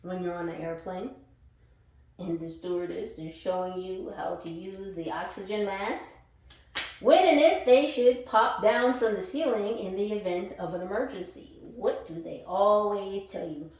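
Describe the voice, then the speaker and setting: A woman's voice: mid-range voice, a little slow, darkish tone. A woman giving a casual tarot reading, playful and blunt, laughing, swearing and sometimes singing a line. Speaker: tarot reader. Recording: very echoey room.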